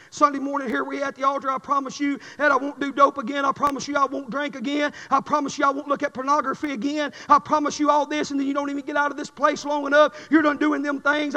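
A middle-aged man preaching a sermon, swinging from quiet testimony to shouted fervor. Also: very high-pitched, in a large hall.

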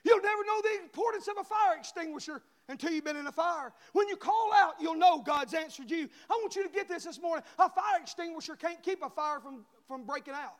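High-voiced preacher, reverberant hall. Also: male voice, animated, fairly quick, hardly any pauses. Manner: call-and-response preaching, swings between shouting and hushed tenderness. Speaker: pastor. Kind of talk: sermon. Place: church sanctuary.

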